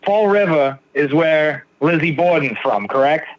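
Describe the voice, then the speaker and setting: A man's voice: fairly high pitch, expressive, a little slow, highs cut off. A man hosting a recovery podcast, joking casually and asking rambling questions full of fillers. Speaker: podcast host. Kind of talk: casual interview talk.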